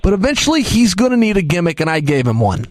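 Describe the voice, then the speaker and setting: A man on a radio show telling a story emphatically, in an excitable, self-mocking way. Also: high voice, fast, dry recording. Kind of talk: animated storytelling.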